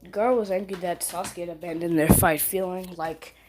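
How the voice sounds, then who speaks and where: A woman's voice: lowish voice, fairly even intonation, brisk, a little mellow, a little hiss or hum. A young woman casually retelling a fan story, rambling, self-correcting and full of fillers.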